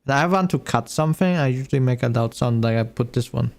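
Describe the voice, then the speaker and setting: A man's voice: medium pitch, fast talker. A man streaming as a VTuber, reacting casually to a video, thinking aloud and laughing often.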